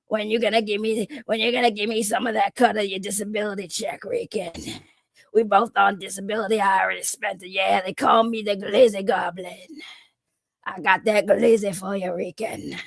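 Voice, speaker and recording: A crude, sleazy woman character with a low, gravelly rasp that grinds through every drawled taunt, as a woman puts her on. She sneers and teases in a close, dry-sounding voice. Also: steady tone, normal speed, no echo.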